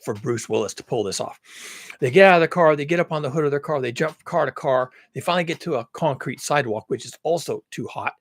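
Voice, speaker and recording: A man's voice: a little high, expressive, fast talker, no room sound. A man in a ranting monologue, dramatically spinning grim scenarios with some swearing. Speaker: video creator.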